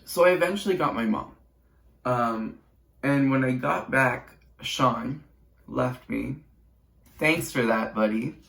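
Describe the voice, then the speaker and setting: A man's voice: mid-range voice, takes it slowly, creaky, pauses often, fairly bright tone. A teenage boy YouTuber telling a casual storytime vlog with chatty, sarcastic asides and rambling restarts. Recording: roomy echo.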